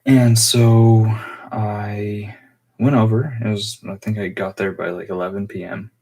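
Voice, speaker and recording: A young man telling a personal story on his vlog in a rambling, halting way full of fillers. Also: lowish voice, flat delivery, warm tone. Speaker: vlogger.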